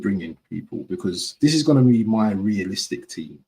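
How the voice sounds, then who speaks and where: A man's voice: lowish voice, very animated, fairly quick, dark tone, poor audio. A man from talking casually to his viewers on a live stream, repeating himself and often asking "yeah?". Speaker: football fan streamer.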